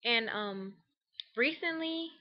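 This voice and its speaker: A woman's voice: on the high side, lively intonation, slow. A young woman vlogging a casual how-to tutorial at home, chatty, with lots of fillers like "um" and "like". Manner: chatty, with many fillers and acted quotes. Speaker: beauty vlogger. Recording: dull lo-fi webcam audio.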